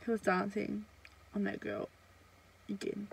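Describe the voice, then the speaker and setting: A woman's voice: medium pitch, little pitch movement, unhurried, vocal fry, a little hiss or hum, poor audio. A young woman, telling a story in a casual, chatty way with lots of fillers and swearing. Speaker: vlogger.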